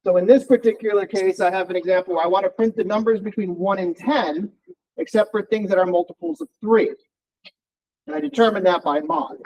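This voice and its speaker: A man's voice: high voice, fairly quick, poor audio. A man teaching a college programming class, thinking aloud as he types and runs code. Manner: relaxed, thinking aloud while typing code. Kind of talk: live coding lecture.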